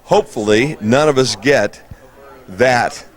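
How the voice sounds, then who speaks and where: A man's voice: medium pitch, slow pace. Friendly male science fair interviewer. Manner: friendly, chatty, laughs easily. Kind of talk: casual interview. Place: busy science fair hall.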